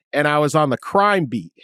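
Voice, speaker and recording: A middle-aged man from the Boston area co-hosts a relaxed sports talk, his voice sitting a little high. He rambles through self-mocking stories and laughs at himself often. The sound is dry and close, with no room around it. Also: smooth, no room sound. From Boston area, Massachusetts. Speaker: podcast co-host. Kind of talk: casual chat.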